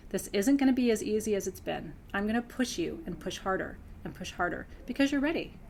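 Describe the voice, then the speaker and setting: A woman who teaches spiritual practice, talking earnestly to her students close to tears, dropping to a hush and then rising with bright laughs. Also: medium pitch, lively intonation, brisk, creaky, a little hiss or hum. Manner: earnest, swings between hushed intensity and laughing brightness. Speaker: spiritual teacher hosting a member Q&A. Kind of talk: emotional heartfelt address to students.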